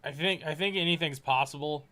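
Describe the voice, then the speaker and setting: A man's voice: a little high, fairly quick, pushed and bright. A man co-hosting a casual sports talk show, giving blunt opinions and stumbling through the sign-off. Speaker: co-host.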